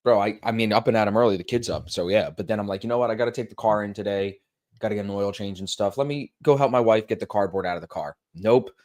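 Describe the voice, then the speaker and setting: Chatty young man telling stories. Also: on the low side. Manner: animated storyteller, self-mocking, quick promo patter. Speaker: co-host. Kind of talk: casual chat, plugging a stream.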